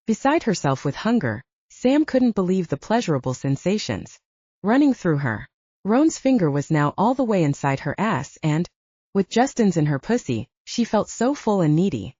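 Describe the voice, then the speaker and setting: A woman narrating a romance audiobook in an expressive, animated reading. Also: fairly low pitch, moderate pace, husky, dry recording, muffled recording. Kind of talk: scripted narration.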